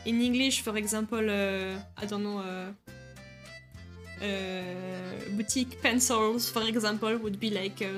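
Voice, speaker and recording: A woman's voice: medium pitch, fairly bright tone. A woman streamer with a French accent chatting casually with viewers while drawing, hesitant and full of filler sounds, laughing often. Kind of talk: casual chat, reading and answering viewer comments while drawing.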